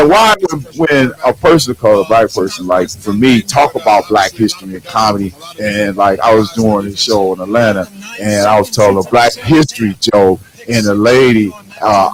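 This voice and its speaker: A man doing live stand-up comedy, telling a loud, profane story and laughing at his own jokes. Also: mid-range voice, poor audio.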